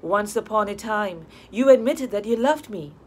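A woman's voice: medium pitch, lively intonation, normal speed, slightly rough. A woman voicing an earnest young male lawyer, eager and insistent as he pleads his love in an audiobook. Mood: eager pleading.

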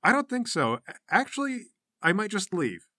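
A man's voice: fairly high pitch, animated, normal speed, sharp tone, no echo. A man voicing a wary, uneasy teenage girl who stammers and hesitates while trying to get out of a bad spot in a tabletop game. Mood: nervous.

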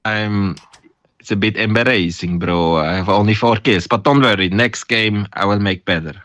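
A man's voice: normal speed, no echo. A man with an Italian accent playing as an eager, apologetic teammate in gaming voice chat. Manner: eager, apologetic, jumps up in pitch when excited. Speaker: fan teammate. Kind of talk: excited team voice chat during gameplay.

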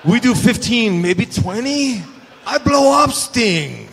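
A man doing an impression of a veteran male wrestler who speaks in clipped, broken English, high and excitable, in a reverberant hall. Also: drawn-out words, vocal fry, a little hiss or hum. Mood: fretful.

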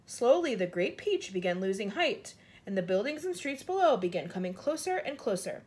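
A woman reading a children's storybook aloud, jumping her pitch up high for the characters' lines. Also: very animated, normal speed, a little mellow, slightly rough. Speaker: reader of a children's book.

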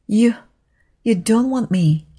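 A woman voicing an eager, imaginative little orphan girl who talks dramatically, in a husky voice. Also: lowish voice, fairly even intonation, moderate pace, dark tone. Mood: tearful. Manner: eager, dramatic, tearful pleading.

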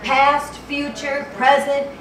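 This woman's voice sits high and is a bit bright, yet monotone and slow. She preaches fervently in a church hall, repeating phrases and searching for the right verse, recorded on a distant mic amid echo and background noise.

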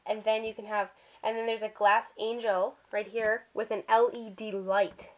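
A woman's voice: medium pitch, a little hiss or hum. A woman casually walking through a catalog of holiday items, chatty and gushing, with fillers and little slips. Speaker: vlogger showing catalog items. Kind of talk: casual product walkthrough. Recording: dull lo-fi sound.

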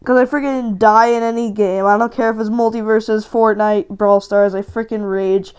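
Playing games live on her channel, this woman delivers excitable commentary, frequently ranting and yelling out of frustration. She speaks at normal speed in a smooth, medium-pitched voice.

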